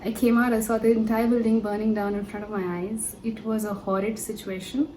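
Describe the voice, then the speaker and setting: A woman's voice: fairly high pitch, level tone, fairly quick, dark tone, slight background noise, low-quality recording. A young woman from India sharing an earnest personal testimony, telling her story with many fillers. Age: young adult.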